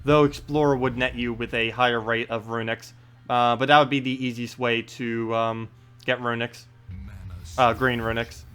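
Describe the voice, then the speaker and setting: A man's voice: medium pitch, moderate pace, clear, resonant tone, faint music behind. A man casually commenting on his gameplay during a live stream and answering viewer questions. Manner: relaxed, thinks aloud, lots of uh and um. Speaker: game streamer.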